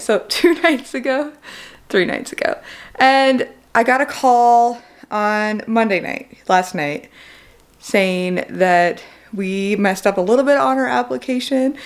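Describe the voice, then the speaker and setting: A young woman speaks straight to camera in a personal vlog, her voice wavering with emotion. She keeps breaking into nervous little laughs, on the edge of crying, in a mid-range voice. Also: mid-range voice. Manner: emotional, near tears, laughing through it. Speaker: vlogger.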